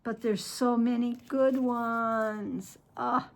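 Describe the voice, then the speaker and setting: Slow, gushing woman opening fan mail. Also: fairly high pitch, creaky. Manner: gushing and excitable, talks to her cat and viewers; slow, chatty, trails off mid-sentence. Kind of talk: casual chat to camera.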